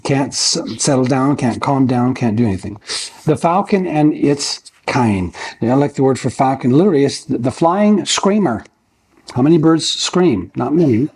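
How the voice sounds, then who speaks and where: Husky, folksy older male pastor preaching. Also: mid-range voice, expressive, moderate pace, a little mellow. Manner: folksy and conversational, checks in with "okay?" and asks rhetorical questions. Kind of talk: verse-by-verse sermon. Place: church.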